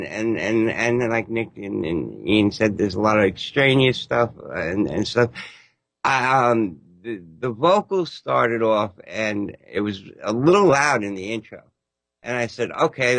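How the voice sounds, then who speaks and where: A man's voice: fairly low pitch, fairly bright tone, dry recording. An older man giving a blunt, joking critique as a regular panelist on a music review show. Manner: blunt, joking, rambling restarts.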